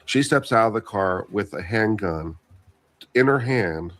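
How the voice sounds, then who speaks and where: Lower voiced guy on a panel, measured, thinks out loud. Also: lively intonation. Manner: measured, reasons aloud, hedges his opinion. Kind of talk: casual panel discussion.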